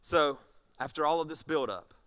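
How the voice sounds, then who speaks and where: High, bright-voiced animated male preacher. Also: normal speed, clean tone. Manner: animated, swings from soft to shouting; acts out scenes for the congregation. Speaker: pastor. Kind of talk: sermon. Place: church stage before a congregation.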